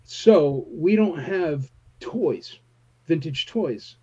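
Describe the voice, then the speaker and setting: A man talks in an easygoing, candid way, with "dude" and "man" scattered through his sentences. His voice is dark and mellow. The recording sounds dull and lo-fi. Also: on the high side, lively intonation, drawn-out words, breathy edge. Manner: laid-back, candid, uses "man" and "dude". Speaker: convention promoter. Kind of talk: casual chat.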